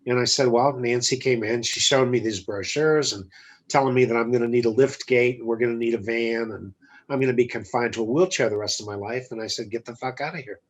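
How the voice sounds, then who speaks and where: This guest entrepreneur has a medium-pitched voice and a brisk delivery. Telling a personal story in a casual interview, he bluntly performs the dialogue in an animated retelling.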